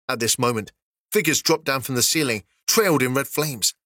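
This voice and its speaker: A man's voice: medium pitch, moderate pace, pushed and bright, no room sound. Man narrating a fantasy audiobook, dry.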